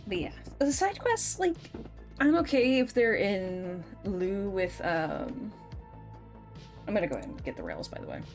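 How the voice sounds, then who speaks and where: Playful woman streamer, lively pitch. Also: a little slow, vocal fry, faint music behind. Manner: playful, laughs often, scolds in mock threats. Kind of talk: casual gameplay chat.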